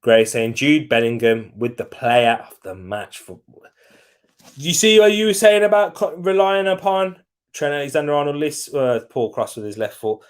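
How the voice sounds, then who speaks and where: A man's voice: a little high, normal speed, clear, resonant tone. A young man hosting a live football watch-along, chatting casually, reacting to the match and answering viewer comments.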